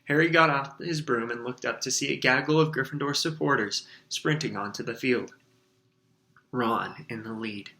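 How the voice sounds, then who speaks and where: Bright-voiced man reading a story aloud. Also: mid-range voice, normal speed. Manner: lively, expressive reading.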